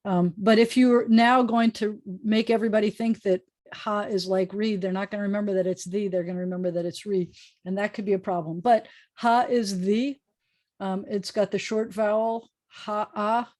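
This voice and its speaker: A woman rabbi teaching a Hebrew class over a video call, explaining patiently and repeating words slowly. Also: medium pitch, steady tone, a little mellow. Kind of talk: online class lecture.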